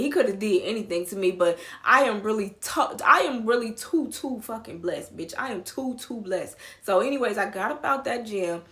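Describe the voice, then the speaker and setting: A young woman tells a storytime, loud and profane. Her voice is bright and a bit high, and she jumps into acted quotes with big swings. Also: normal speed, few pauses. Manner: animated, profane, acts out quotes loudly. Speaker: vlogger. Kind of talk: casual storytime.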